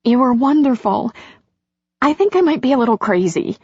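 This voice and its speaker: A woman putting on a breathy, emotional heroine. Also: a little high, expressive, dry recording, pitched above the performer's own voice. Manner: emotional, self-doubting, quick. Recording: dull lo-fi audiobook recording.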